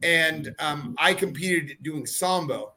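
A man chatting casually about fights, rambling with lots of fillers and restarts. His voice sits a little high and rings bright and forceful. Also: slow, slight background noise. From California. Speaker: fighter and podcast guest. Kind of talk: casual chat.

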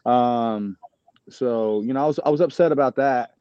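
Man, fighter, heated, swearing, rambling, mellow tone, dry dull lo-fi sound. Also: mid-range voice, normal speed, clean tone, no room sound. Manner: heated, profane, rambling with restarts. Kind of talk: casual storytelling.

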